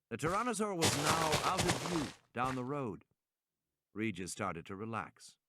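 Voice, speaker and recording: Expressive male audiobook reader. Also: medium pitch, heavy background noise. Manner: expressive, dramatic pacing. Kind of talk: reading a novel aloud. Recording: loud game gunfire behind.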